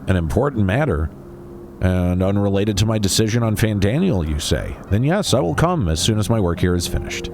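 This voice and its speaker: A man's voice: lowish voice, lively intonation, fairly quick, a little mellow. A man reading aloud the lines of an earnest, polite game character, stumbling now and then over the words. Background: game music.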